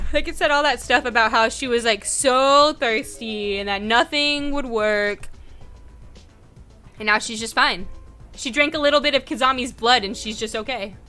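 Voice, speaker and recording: Bright-voiced Irish woman gaming host. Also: a little high, moderate pace, soft background music. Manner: chatty, wry asides. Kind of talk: reading game text aloud with commentary.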